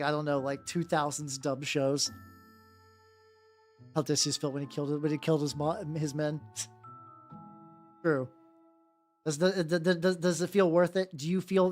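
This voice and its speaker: A streamer chatting casually while painting miniatures, rambling with lots of fillers and casual swearing, with no notable accent. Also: mid-range voice. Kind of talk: casual live-stream chat. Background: faint background music.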